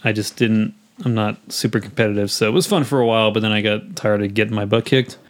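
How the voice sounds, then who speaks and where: A man co-hosting a casual podcast chat about video games, rambling and animated as he retells scenes. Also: on the low side, fast talker. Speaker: podcast co-host.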